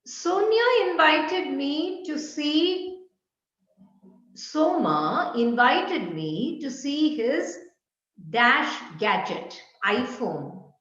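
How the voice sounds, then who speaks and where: A woman's voice: high-pitched, big pitch swings, extremely slow, a bit bright. A woman teaching an online lesson. She poses questions to the class and answers them herself. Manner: quizzes herself and answers firmly. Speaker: English teacher. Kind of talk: online lecture. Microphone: video call. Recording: echoey room, dull lo-fi call audio.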